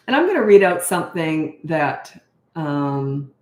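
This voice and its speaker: A middle-aged woman coaching parents in a casual question-and-answer talk, frank and chatty, trailing off and restarting, climbing high when exasperated. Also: big pitch swings, a little slow, a little mellow. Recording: echoey room.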